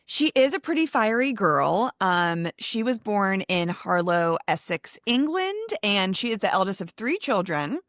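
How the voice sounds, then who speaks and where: A woman's voice: medium pitch, very animated, a little slow, hardly any pauses, a bit bright, no echo, clean studio sound. A woman co-hosting a podcast in a bubbly, chatty way, full of fillers. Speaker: podcast co-host. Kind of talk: casual chat.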